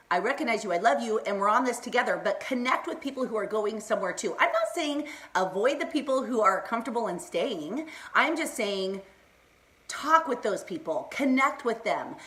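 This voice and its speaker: Her voice is on the high side with a fairly bright tone. Chatting casually on Facebook Live, this middle-aged woman rambles in a bubbly way, laughs a lot, and addresses her viewers by name.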